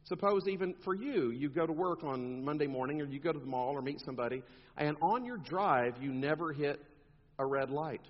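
Preacher in an echoing hall. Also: male voice, a little high, brisk. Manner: animated, rhetorical, mock quotes in asides. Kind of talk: sermon. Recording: dull long-reverb hall sound.

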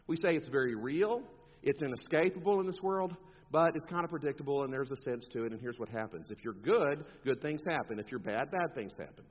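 A man preaching a sermon, talking animatedly and putting on mocking quoted voices as he makes his points. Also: a little high. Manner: animated, rhetorical, mock quotes in asides. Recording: dull long-reverb hall sound.

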